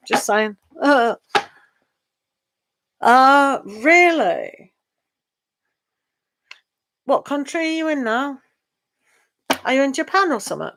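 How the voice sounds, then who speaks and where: A woman's voice: fairly high pitch, vocal fry, noisy background. A middle-aged woman with a British accent, a tarot reader chatting casually with her live-stream viewers, sighing and laughing as she talks. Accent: British English. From England. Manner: chatty, sighing and laughing, drawn-out slow talk.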